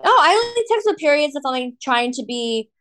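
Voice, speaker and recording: A woman co-hosting a podcast, chatting casually in an expressive, melodramatic, joking way. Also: sits high, fairly quick. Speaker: podcast co-host. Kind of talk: casual chat.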